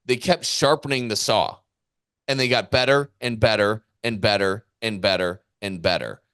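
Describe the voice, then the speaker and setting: A man's voice: fairly low pitch, normal speed, fairly bright tone, smooth, dry recording, studio quality. A man co-hosting a podcast as a business coach, talking in a fired-up, emphatic way and repeating his points for weight. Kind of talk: casual podcast chat.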